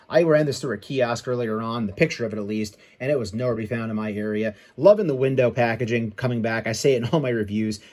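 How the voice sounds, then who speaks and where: A man hosting his own toy review channel, talking in an upbeat, chatty and self-mocking way while showing an action figure. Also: mid-range voice.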